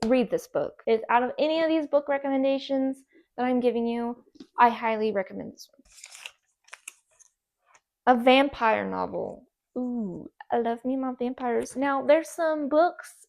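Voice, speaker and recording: A woman's voice: a little high, gravelly, a little mellow. A woman vlogger gushing about book recommendations in casual, repetitive chat. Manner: gushing, enthusiastic, repeats herself.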